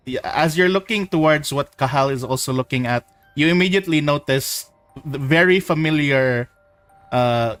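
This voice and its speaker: A man's voice: mid-range voice, fairly bright tone, no echo, low-quality recording. A man running a tabletop game as game master, describing scenes in a rambling way with many restarts. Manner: rambling, full of likes and restarts.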